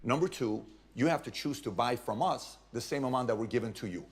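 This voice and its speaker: A man with an ordinary mid-range voice walks through an argument in a persuasive, salesman-like way. He builds animated hypothetical stories to make his point. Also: mid-range voice, a little fast. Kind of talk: persuasive explanation.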